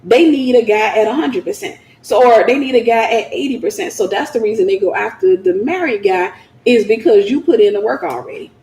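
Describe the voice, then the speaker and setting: A woman's voice: on the high side, a little fast, reverberant. A woman hosting a Christian teaching talk, speaking informally and acting out the voices of the people she quotes. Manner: animated, acts out quoted voices.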